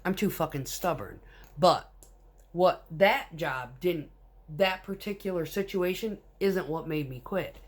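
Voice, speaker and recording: A woman with a fairly low voice tells work stories in a blunt, casual way. She drives a concrete mixer truck and swears freely as she talks, keeping it loose and unpolished. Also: unhurried. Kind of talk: casual storytelling.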